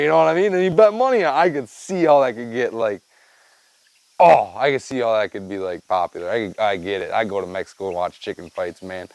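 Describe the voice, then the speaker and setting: A man's voice: on the low side, darkish tone, smooth, no echo, low-quality recording. A man hosting a podcast, chatting casually in a rambling, profane, laid-back way and tacking "man" and "dude" onto his sentences. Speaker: podcast host. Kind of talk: casual storytelling chat.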